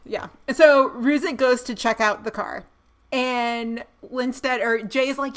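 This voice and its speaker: A woman co-hosting a casual podcast chat, recapping a TV episode with animated storytelling. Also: on the high side, moderate pace. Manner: animated storytelling, laughs while acting out scenes. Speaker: podcast co-host.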